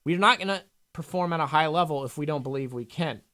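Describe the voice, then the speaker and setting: A man's voice: on the high side, fast, bright, forceful tone. A young adult man coaching a trader live, talking bluntly and emphatically with frequent swearing. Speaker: trading coach.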